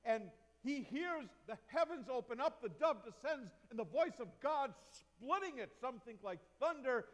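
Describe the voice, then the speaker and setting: High-voiced pastor in a reverberant church. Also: male voice, expressive, moderate pace, hardly any pauses, a bit bright. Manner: reflective, asks the congregation questions. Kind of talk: sermon. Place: church sanctuary. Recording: long reverb of a church hall.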